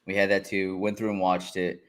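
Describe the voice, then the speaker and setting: A man co-hosting a casual fight reaction show, relaxed and often laughing as he walks through the action. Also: low-pitched. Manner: relaxed, laughing, drawn-out play-by-play. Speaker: co-host.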